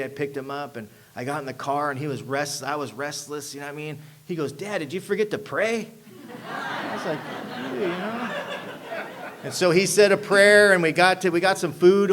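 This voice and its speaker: A man telling his personal recovery story to an audience as a convention speaker, acting out the dialogue and often checking in with his listeners. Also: a little high. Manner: animated storyteller who acts out dialogue and keeps asking "you know what I mean".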